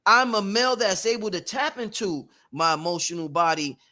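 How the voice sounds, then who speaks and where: Male host, very high pitch, emphatic and profane, repeats himself, live workshop talk. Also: animated, normal speed, bright, forceful tone.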